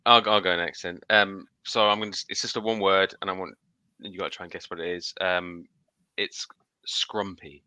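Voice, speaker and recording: British man, co-host, low voice, bright and smooth, dry mic, playful. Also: little pitch movement, a little fast, no room sound. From United Kingdom. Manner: playful, teasing hints in a quiz game. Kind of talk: casual podcast chat.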